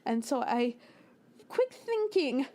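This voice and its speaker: Young adult woman, high and lively storyteller voice for a storytime video. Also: slow. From United States. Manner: animated, acts out quoted lines with little voices and laughs. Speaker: storytime narrator. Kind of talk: storytime narration over a speedpaint.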